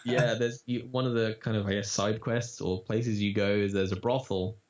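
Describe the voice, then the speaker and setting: A man in a relaxed interview, talking about his voice acting work. He tells stories with lively energy and drops into character voices now and then. His voice sits on the low side, and the recording sounds dull and lo-fi. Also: moderate pace. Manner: animated storyteller, breaks into demo voices. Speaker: voice actor. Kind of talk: casual interview chat. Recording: dull lo-fi audio.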